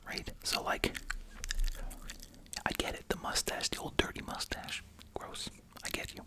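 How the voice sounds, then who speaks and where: The ASMR host keeps a measured pace, whispering chatty, wry observations while chewing gum. Asides and rhetorical questions fill the commentary.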